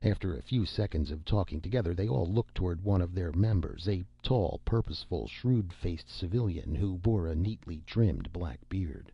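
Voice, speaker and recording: Male audiobook narrator, gravelly low voice, dry and a bit dull lo-fi sound. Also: expressive, moderate pace, few pauses, no echo. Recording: dull lo-fi recording.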